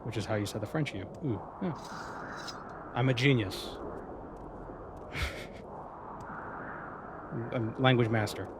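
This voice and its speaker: A man's voice: mid-range voice, slow, pauses often, background noise. Rambling male game streamer. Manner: rambling, reads viewer comments aloud and answers them. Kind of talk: casual live-stream chat.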